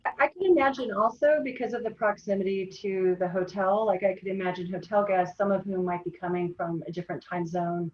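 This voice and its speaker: A woman's voice: medium pitch, a little fast. A woman on a video call in a meeting, talking in a thoughtful way with lots of fillers. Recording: dull, roomy video call audio.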